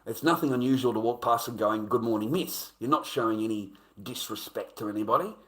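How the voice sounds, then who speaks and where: A man's voice: medium pitch, brisk, fairly bright tone. A man who grew up in America, telling a story in a casual, rambling way and swearing freely as he retells a confrontation. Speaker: streamer.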